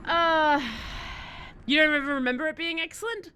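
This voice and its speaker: A woman streaming a game, possibly, chatting excitedly and answering her chat as she plays. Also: high voice, quick pace, a little hiss or hum. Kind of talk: live-stream gameplay chat.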